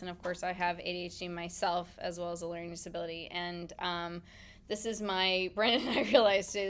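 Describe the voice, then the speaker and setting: A middle-aged American pediatrician, appearing as a podcast guest, shares a heartfelt, casual reflection with a group and is tearful at times. Her voice is medium-pitched and fairly bright.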